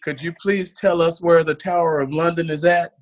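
A man doing a raised, sweet Texan girl tourist, Texan accent, polite with a rude edge, told as a spoken joke, a little higher than his own voice. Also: fairly even intonation, moderate pace, natural voice. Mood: sweetly polite.

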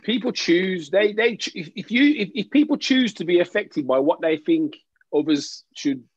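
In a casual chat, a man talks animatedly, restarting often and cracking jokes. His voice is husky and pitched high, moving at a normal speed. The sound is dull, lo-fi and dry.

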